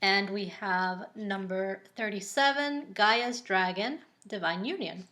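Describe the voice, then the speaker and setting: Slow, chatty woman reading oracle cards. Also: mid-range voice. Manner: relaxed and chatty, many ums and likes; slow and unhurried. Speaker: oracle card reader. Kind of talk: casual spoken card reading.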